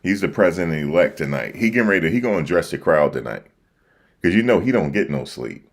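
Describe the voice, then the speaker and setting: Fast and very animated, a low-voiced man with an East Coast accent hosts a casual livestream over a desk mic. He responds to the election results with slang-heavy, repetitive chatter.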